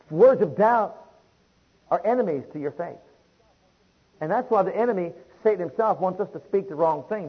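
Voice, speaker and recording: A man's voice: high-pitched, husky, lo-fi sound. A man preaching a sermon in emphatic, rhythmic declarations, repeating phrases and building them up.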